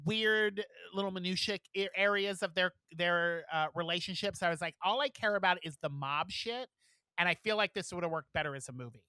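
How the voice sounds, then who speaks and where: A man's voice: high-pitched, fairly quick, bright, forceful tone, clear, resonant tone, no room sound. A man co-hosting a casual podcast, chatting loosely and swearing freely as he recaps a show. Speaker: podcast co-host. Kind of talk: casual chat.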